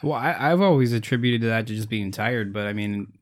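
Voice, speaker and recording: A man's voice: on the low side, a little fast. A man co-hosting a casual podcast, asking follow-up questions and reacting drily. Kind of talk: casual chat.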